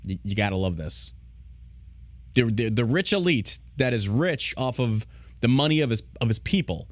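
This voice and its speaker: A male podcast host rants in loose, profane, sarcastic commentary. His voice sits at an ordinary middle pitch. It is recorded dry on a close studio mic. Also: lively intonation, moderate pace, dry recording. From United States. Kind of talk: casual ranting commentary.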